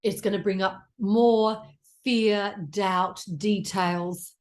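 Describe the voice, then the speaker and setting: A woman's voice: mid-range voice, steady tone, takes it slowly, a little mellow. An Australian woman in her forties giving a casual tarot reading, blunt and chatty, with plenty of swearing. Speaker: tarot reader.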